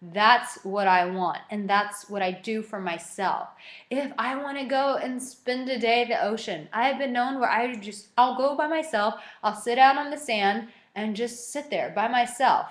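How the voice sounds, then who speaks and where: A young woman giving a motivational self-help talk, animated and acting out little dialogues as she goes. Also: a little high, normal speed, echoey room. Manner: animated, acts out quoted dialogue.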